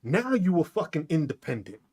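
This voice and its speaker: A podcast host ranting solo in a loose, profane monologue. He fires off mocking rhetorical questions, and his pitch swings widely from low grumbles to high jabs. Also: sing-song, fairly quick, darkish tone, breathy edge.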